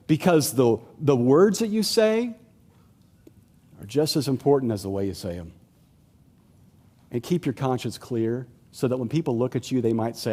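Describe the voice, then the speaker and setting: Lively, joking man preaching a sermon. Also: medium pitch, normal speed. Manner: humorous, conversational, acts out quoted voices. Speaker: pastor.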